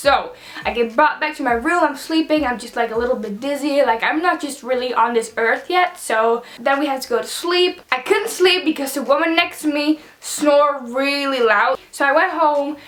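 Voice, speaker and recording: High-voiced young woman telling a dramatic story. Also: moderate pace, a bit bright. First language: Dutch. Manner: chatty, dramatic, lots of "like" and swearing. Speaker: vlogger. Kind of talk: casual storytime vlog. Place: bedroom at home.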